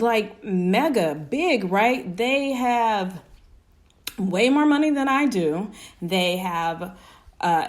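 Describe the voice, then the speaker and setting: A woman business owner speaks to her audience in a lively, emphatic storytelling voice. She leans on rhetorical questions and keeps checking in with "right?" as she goes. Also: mid-range voice. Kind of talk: personal storytelling to camera.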